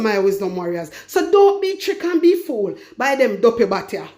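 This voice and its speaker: A Jamaican woman with a high voice rails through a political commentary in thick patois. She hammers her points again and again, fiery and insistent. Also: sing-song, moderate pace, hardly any pauses, a little mellow. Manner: fiery, repetitive, heavy patois.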